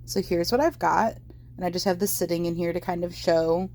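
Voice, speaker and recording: This young woman's crochet vlog is a relaxed how-to chat from home, packed with fillers and self-corrections. She speaks a little fast, in a fairly low, slightly mellow voice with fairly even intonation.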